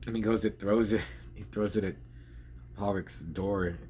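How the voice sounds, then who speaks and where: A man with a lowish voice talks through a film review in a loose, rambling way, laughing easily as he goes. A faint hum of noise sits behind him. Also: a little slow, a little mellow. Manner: rambling, chatty, laughs often. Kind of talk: casual spoken film review.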